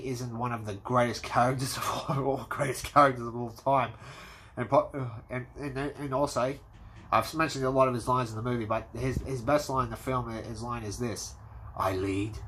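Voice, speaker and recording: A man giving an excitable, casual movie review, swearing freely and acting out scenes. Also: mid-range voice. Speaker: movie commentator.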